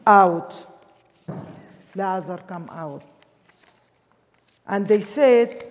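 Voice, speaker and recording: Slow-preaching woman, echoing hall. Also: mid-range voice, a little mellow. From Sudan. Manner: emphatic, with non-native English grammar. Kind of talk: sermon. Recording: long hall reverb.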